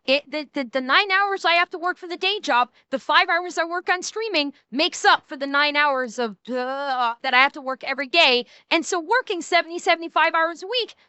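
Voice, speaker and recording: A woman's voice: high voice, sharp tone, no echo. A woman streamer giving blunt, profane reaction commentary in a ranting manner.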